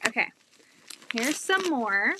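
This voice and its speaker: A woman chatting excitedly and a bit out of breath while showing quilts from her home sewing room, speaking into her laptop. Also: on the high side, slow, very noisy. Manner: chatty, excitable, laughs often. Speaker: quilting channel host. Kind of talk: casual livestream chat.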